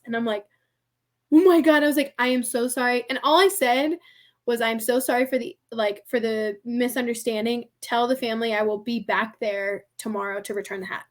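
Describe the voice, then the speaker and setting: A young American woman with a high voice tells a story on a podcast. She is chatty and casual and fills her speech with "like". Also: steady tone, fairly quick. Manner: chatty, heavy use of "like", laughs often. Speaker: podcast guest.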